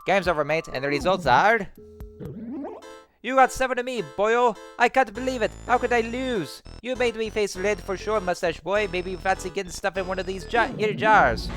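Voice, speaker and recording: A man voicing a boastful male ghost who collects jars, in a rough put-on Scottish accent, taunting and sing-song. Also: sits high, moderate pace, fairly bright tone, faint music behind, voice pushed up. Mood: sulky. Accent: put-on Scottish-style accent, said to be bad. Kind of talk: let's play voice acting.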